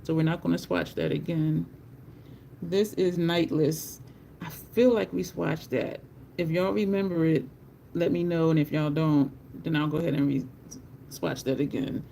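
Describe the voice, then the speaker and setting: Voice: mid-range voice, steady tone, normal speed, vocal fry, warm tone, slight background noise. A beauty live-streamer in casual, chatty talk with viewers while swatching makeup, laughing often.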